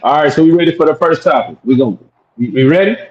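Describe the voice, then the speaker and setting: A man hosting a podcast in a relaxed, laid-back way as he moves the show along. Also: on the high side, fast, dull audio, a little hiss or hum. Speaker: podcast host. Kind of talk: casual chat.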